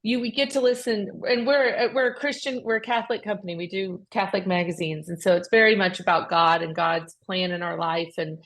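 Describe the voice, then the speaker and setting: A woman co-hosting a faith-based podcast, chatting casually and telling a personal story in a lively, animated way with frequent restarts. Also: medium pitch, brisk, few pauses. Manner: acts out quoted speech with raised voice. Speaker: podcast co-host.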